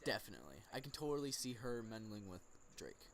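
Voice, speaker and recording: A man's voice: fairly low pitch, very animated, fairly quick, a bit bright. Hesitant man thinking aloud. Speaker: co-host. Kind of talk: casual pop-culture chat.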